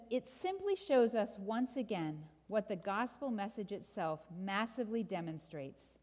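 A middle-aged woman giving a sermon, reading a children's story aloud with lively sound effects before drawing the lesson. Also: medium pitch. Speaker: preacher. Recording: long hall reverb.

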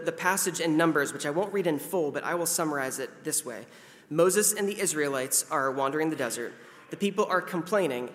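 Long hall reverb surrounds a man in his thirties, a pastor delivering a casual, conversational sermon. His voice is on the high side and a bit bright; he's self-deprecating and occasionally acts out voices.

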